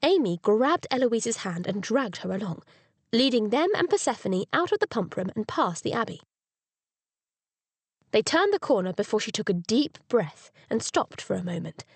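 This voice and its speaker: A woman reading a cozy mystery audiobook as narrator, with expressive storytelling on a close studio mic. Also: fairly high pitch, normal speed, husky, dry recording. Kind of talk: scripted narration.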